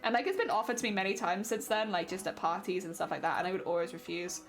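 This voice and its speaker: A woman's voice: on the low side, fast talker, faint music behind. A young woman streaming, chatting playfully with her viewers while she crafts, often giggling.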